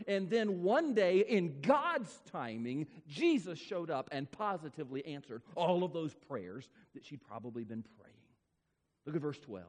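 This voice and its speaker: High, lively-voiced preacher in a reverberant hall. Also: male voice. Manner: emphatic, repetitive preaching with dramatic slowdowns. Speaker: pastor. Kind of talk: sermon. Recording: long reverb of a large hall.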